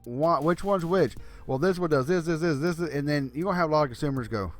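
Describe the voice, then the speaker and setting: A man's voice: on the high side, fast, faint music behind. Blunt, tired older man ranting. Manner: blunt, profane, exasperated ranting. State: tired, yawning. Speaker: gaming channel host. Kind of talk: casual opinion rant.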